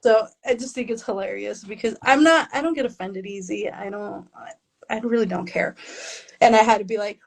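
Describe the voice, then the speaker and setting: A woman's voice: medium pitch, brisk, vocal fry, rough recording. A woman author being interviewed, talking casually and with self-deprecating humor, laughing often and slipping Spanish phrases into her English. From Mexican family, raised in the US.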